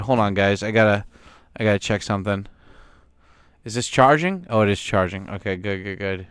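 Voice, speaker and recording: A man's voice: lowish voice, normal speed, a bit bright, smooth, no room sound. A young man, a game streamer, chatting crudely and rambling with his chat while playing. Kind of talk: casual livestream gaming commentary.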